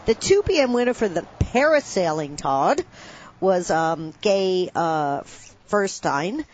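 A woman's voice: fairly low pitch, very animated, takes it slowly, a little mellow, rough recording. Woman, radio co-host, chatty, hesitant, faint hiss. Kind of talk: casual announcements on air.

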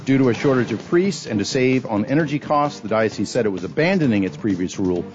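Man, radio host, reading news headlines, music bed behind, muffled lo-fi sound. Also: medium pitch. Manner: brisk, even newsreader delivery.

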